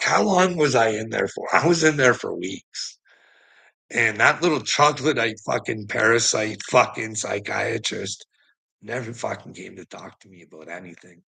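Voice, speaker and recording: A man's voice: mid-range voice, unhurried, creaky, sharp tone, slightly rough, poor audio. A man telling a rambling personal story to a relative, swearing constantly and laughing often.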